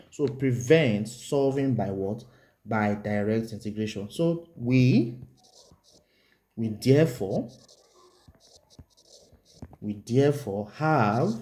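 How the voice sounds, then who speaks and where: A man's voice: medium pitch, mellow. A man teaching a maths lesson, repeating key phrases and asking the viewer whether they follow while he writes out steps. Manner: repetitive, asks the viewer rhetorical check questions; writes on the board while explaining. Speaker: maths tutor.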